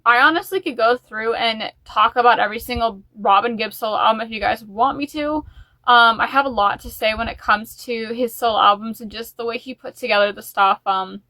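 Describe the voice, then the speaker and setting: A woman's voice: on the high side, a little fast, pushed and bright, no room sound. A woman chatting in a casual music vlog, rambling and openly emotional. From United States. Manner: chatty and rambling, with fillers and restarts. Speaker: music vlogger.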